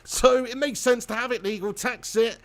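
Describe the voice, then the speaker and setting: A man's voice: very high voice, steady tone, moderate pace. A man hosting a live stream, chatting casually and giving rambling, opinionated views with repeated words. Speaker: host of a live match watch-along.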